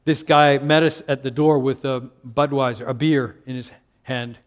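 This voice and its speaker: A man's voice: mid-range voice, level tone, normal speed. An older man from Canada, a pastor preaching a sermon with earnest emphasis and frequent stammered restarts.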